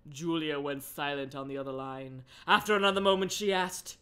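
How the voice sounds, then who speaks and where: A woman's voice: sits low, normal speed, few pauses, bright, forceful tone, clean tone. A woman streaming a live book reading, with sarcastic joking commentary and frequent laughs. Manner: sarcastic, laughs often, interrupts herself.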